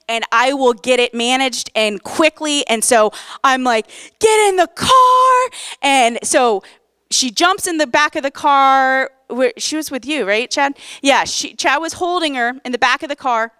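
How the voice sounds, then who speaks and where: A woman pastor in her forties preaching a sermon, telling a personal story with lively, animated emphasis. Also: fairly high pitch, smooth, no echo, clean studio sound. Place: church.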